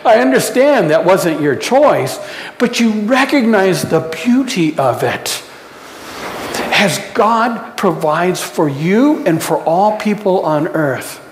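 A pastor delivers a sermon at a slow, deliberate pace, the voice rising and falling in a lively way. The talk is unhurried, with questions put to the congregation and a touch of humor. It is recorded in a church sanctuary with long, roomy reverb and faint background noise. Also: medium pitch. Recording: echoey church hall reverb.

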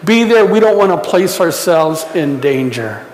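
A man with a high voice delivers a sermon at an unhurried pace. He preaches in a reflective way and leaves pauses between phrases. His voice rings through a roomy space with a long reverb tail. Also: sing-song. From United States. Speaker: pastor.

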